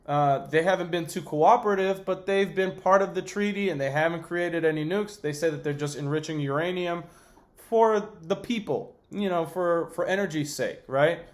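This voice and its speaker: Man, podcast host, heated political rant, swears a lot, slightly high voice. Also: moderate pace. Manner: heated, profane, with sarcastic mock quotes. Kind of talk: ranting political commentary.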